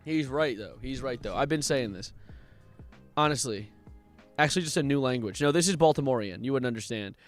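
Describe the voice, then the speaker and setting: A man streaming live in casual chat, animated and profane, quick to laugh. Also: mid-range voice. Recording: faint music underneath.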